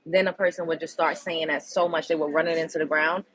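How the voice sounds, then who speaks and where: A woman's voice: low-pitched, steady tone, quick pace, fairly bright tone, breathy edge, low-quality recording. A woman hosting her own show, telling a personal story in a candid, emphatic and blunt way. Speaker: show host. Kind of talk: casual storytelling monologue.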